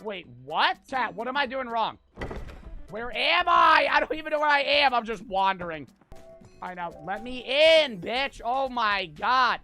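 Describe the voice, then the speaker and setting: A man's voice: very high voice, expressive, unhurried, faint music behind. Frantic, swearing young male streamer. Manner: loud, frantic, swearing outbursts. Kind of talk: live gameplay commentary.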